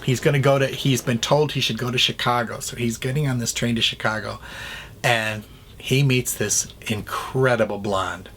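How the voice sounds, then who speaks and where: A man's voice: mid-range voice, fairly even intonation, normal speed, a bit bright, a little hiss or hum. A man reviewing a classic film in a chatty way, retelling scenes and acting out the lines.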